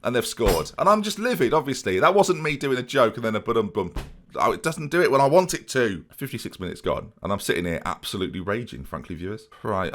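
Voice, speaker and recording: Male let's-player, lively swooping pitch, mock-grumpy asides to viewers. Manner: animated, self-mocking, talks to viewers. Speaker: gaming YouTuber. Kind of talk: let's play commentary.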